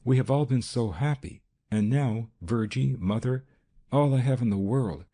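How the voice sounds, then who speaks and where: A man's voice: mid-range voice, moderate pace, mellow, voice pushed up, close to an everyday voice. A man voicing a distraught young woman, raised and pleading. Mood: anxious pleading. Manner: hoarse, pleading whisper.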